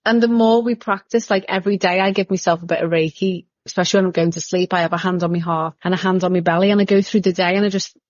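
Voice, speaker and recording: A woman's voice: on the low side, fast talker, hardly any pauses, no room sound, highs cut off. A woman who works as an energy healer, chatting as a podcast guest and acting out voices as she tells stories. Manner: animated storyteller acting out quoted voices. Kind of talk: casual interview chat.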